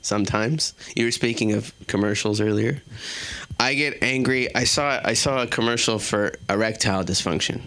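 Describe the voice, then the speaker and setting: A man's voice: on the low side, moderate pace, bright, forceful tone. A man doing a stand-up set in a small comedy club, self-deprecating and chatting with the crowd.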